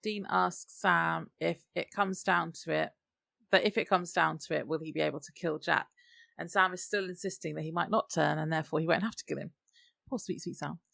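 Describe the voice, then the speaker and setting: A woman's voice: low-pitched, steady tone, fairly quick, gravelly, a bit bright, no echo. A woman co-hosting a podcast, summarizing scenes in casual chat with dry quips. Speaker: podcast co-host.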